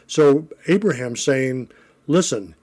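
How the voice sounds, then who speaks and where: A middle-aged man with a mellow, warm tone teaches a Bible lesson. He moves between reading scripture and explaining it in easy, everyday words. He is relaxed and conversational, often pausing on fillers and correcting himself. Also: medium pitch.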